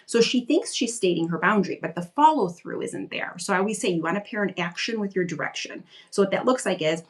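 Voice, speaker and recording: A woman's voice: mid-range voice, lively intonation, quick pace, hardly any pauses. A woman giving parenting advice in a casual live question-and-answer stream, conversational and reassuring, with lots of "like". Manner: conversational, reassuring, frequent "like" fillers. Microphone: live video stream.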